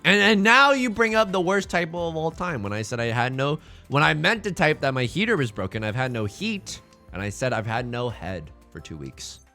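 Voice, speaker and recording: A young man streaming a mahjong game, chatting casually and joking with playful, drawn-out emphasis. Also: a little high, lively intonation, pushed and bright, faint music behind. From China. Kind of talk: casual live-stream commentary while playing mahjong.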